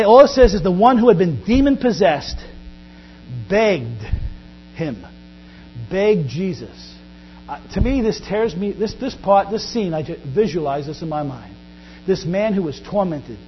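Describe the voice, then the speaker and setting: A man preaching a sermon as pastor, animated, often acting out Bible scenes in quoted voices. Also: high-pitched. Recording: dull lo-fi recording with faint mains hum.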